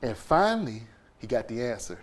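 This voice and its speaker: A man, a podcast guest, telling an emotional personal story in an animated way, acting out scenes with quoted voices and sound effects. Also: mid-range voice, moderate pace.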